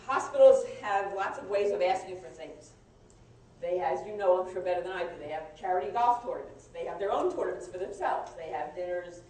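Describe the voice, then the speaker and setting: A woman lawyer giving a live compliance training talk, conversational and halting, with frequent restarts. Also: on the low side, warm tone. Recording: echoey room, mic far off, faint noise.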